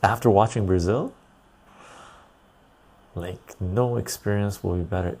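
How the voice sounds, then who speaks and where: A tired man hosts a loose, rambling livestream and reads chat messages aloud. His low voice is gravelly and husky. He laughs easily as he chats. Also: measured pace, pauses often, a little mellow. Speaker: livestream host reading chat.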